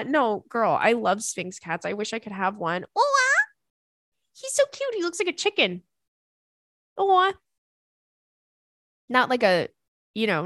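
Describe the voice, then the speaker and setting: A young woman comedian hosting a podcast, her voice sitting at an ordinary middle pitch. She chats casually and bawdily, breaking into laughter often. The sound is close and dry with no room echo. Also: a bit bright. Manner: bubbly, laughs often, crude jokey banter. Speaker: podcast host and stand-up comic. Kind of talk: casual podcast chat, reading listener emails.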